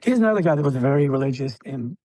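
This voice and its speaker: Husky-voiced man telling war stories. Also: mid-range voice, lively intonation, fast, dark tone, dry recording. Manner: rambling, with frequent fillers and throat clearing. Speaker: podcast guest, military veteran. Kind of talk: casual storytelling interview.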